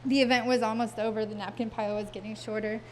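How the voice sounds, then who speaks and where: A woman telling a funny personal story on a stage before an audience, wry and self-mocking, with vivid detail and dramatic pauses. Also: on the high side, level tone, a little hiss or hum.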